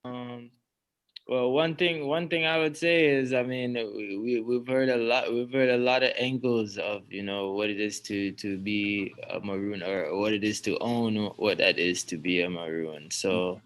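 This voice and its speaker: A man's voice: lowish voice, steady tone, unhurried, a bit bright. A man hosting a casual chat, hesitant and restarting his phrases. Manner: hesitant, many fillers and restarts. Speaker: host.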